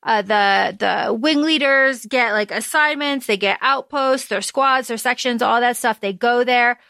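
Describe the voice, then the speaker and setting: A woman's voice: fairly high pitch, unhurried, gravelly, bright, forceful tone, no echo, studio quality. A woman co-hosting a podcast, chatting casually about a book and reading out quotes between filler ums. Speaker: podcast co-host.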